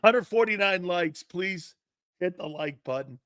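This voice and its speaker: A man's voice: high-pitched, animated, measured pace, fairly bright tone, no echo, clean studio sound. A brash middle-aged man hosting a sports talk show, ranting in rhetorical questions and laughing often.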